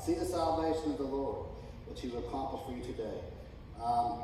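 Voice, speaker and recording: A man's voice: mid-range voice, brisk, a little hiss or hum. A middle-aged man preaching a sermon as pastor, reading scripture and talking with humor. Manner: reads scripture, then preaches with rising excitement and humor. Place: church sanctuary. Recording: echoey church hall from far off.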